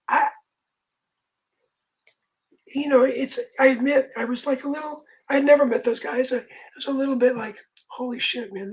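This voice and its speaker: A man's voice: very high voice, rough recording. A man, a music manager, telling a long casual anecdote in a rambling way, full of restarts and quoted dialogue.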